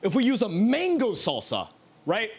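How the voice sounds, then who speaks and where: A man's voice: high voice, huge pitch swings, normal speed, husky. A man who streams himself cooking, chatting casually in a rambling, self-mocking way and laughing often. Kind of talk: casual live-stream chat while cooking.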